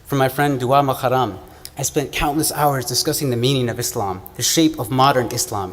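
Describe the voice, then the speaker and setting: A man's voice: mid-range voice, fairly even intonation. Earnest young man giving a speech. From American Midwest. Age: young adult. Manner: earnest, measured, oratorical delivery. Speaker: student speaker. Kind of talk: prepared speech at an event. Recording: long hall reverb, faint room noise.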